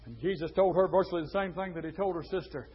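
A man preaching a sermon, swinging from hushed storytelling to fiery shouts and stretching out his words. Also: sits high, fast, breathy edge, muffled recording. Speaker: pastor.

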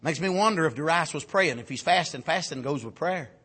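A man delivers a fervent sermon in a high, bright voice. His tone carries a husky edge. He drops low for asides, then climbs to shouts and calls of amen. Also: expressive, fairly quick. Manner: fervent, rising to shouts, frequent amens. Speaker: preacher.

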